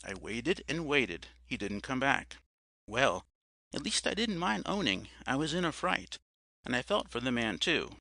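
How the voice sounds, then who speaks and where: Bright, gravelly male audiobook narrator. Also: medium pitch, unhurried, dry recording. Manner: expressive storytelling, addressing the listener as sir.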